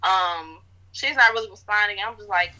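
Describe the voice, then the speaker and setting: A woman's voice: medium pitch, moderate pace, sharp tone. A woman telling a story in a casual interview, rambling with lots of fillers. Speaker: interviewee recounting events. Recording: dull lo-fi audio.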